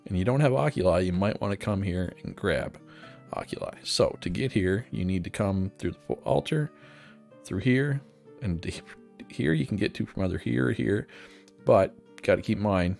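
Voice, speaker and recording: Gravelly low-voiced man narrating a game guide. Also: moderate pace, faint music behind. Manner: relaxed, chatty, thinking aloud. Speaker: gaming guide host. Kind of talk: casual game walkthrough narration.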